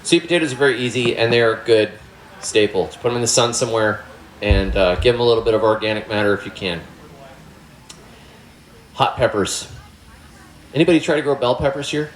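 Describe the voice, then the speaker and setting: A man's voice: medium pitch, expressive, a little fast, pauses often, roomy sound, slight background noise. A middle-aged man giving a loose, joking gardening talk to a live audience. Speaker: gardening presenter.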